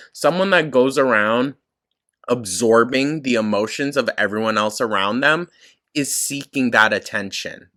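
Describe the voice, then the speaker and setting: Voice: mid-range voice, bright, forceful tone. A commentary YouTuber reacting to clips, sarcastic and blunt, swearing often and laughing at the material.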